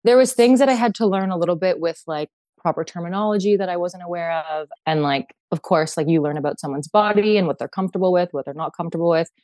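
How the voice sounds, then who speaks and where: A woman's voice: on the low side, quick pace, few pauses, a little mellow, dry recording. A young woman with a Canadian accent, chatting as a podcast guest and filling her speech with "like". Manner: chatty, heavy use of "like". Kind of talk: casual chat.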